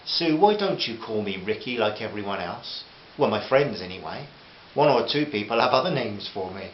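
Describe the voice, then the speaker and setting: A man's voice: lowish voice, very animated, moderate pace, reverberant, highs cut off, a little hiss or hum. A man voicing a friendly, posh older male aristocrat who speaks genially and uses fond terms of address.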